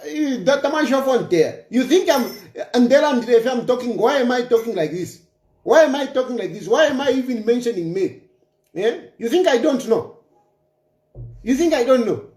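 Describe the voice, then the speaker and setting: Fiery man with a lively, high voice. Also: moderate pace. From Zambia. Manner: emphatic, taunting, repeats lines for effect. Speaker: political commentator. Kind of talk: impassioned political rant. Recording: roomy echo.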